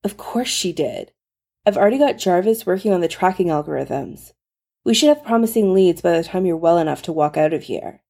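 Tony is a steady, caring man who reassures in a low, soothing voice and turns brisk and practical when he plans, read by a woman. His tone stays dark and mellow, with a gravelly edge. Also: exaggerated voice. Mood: brisk, reassuring.

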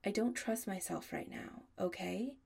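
A woman's voice: mid-range voice, a little slow, creaky, a little mellow, slightly rough, heavily acted. A woman reading a firm, tender young werewolf man. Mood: stern. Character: protective young male werewolf lover. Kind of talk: audiobook dialogue.

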